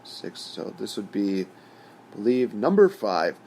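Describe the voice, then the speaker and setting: A man's voice: on the low side, sing-song, slow pace, warm tone, slight background noise. A man hosting his own channel, giving a casual, rambling opinion rant full of "you know" fillers. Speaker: host.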